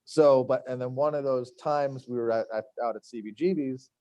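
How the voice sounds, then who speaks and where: A man's voice: mid-range voice, moderate pace, warm tone, no echo, muffled recording. A middle-aged man from Long Island, telling stories as a guest, rambling with many fillers and acted-out quotes. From Long Island, New York. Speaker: chef and podcast guest. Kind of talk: casual storytelling interview.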